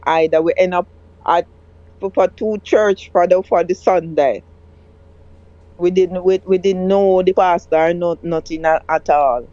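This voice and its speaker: Slow, halting woman telling her story. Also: lowish voice, warm tone, dry recording. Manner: halting, repeats and restarts words. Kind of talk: emotional personal account. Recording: dull lo-fi dry sound.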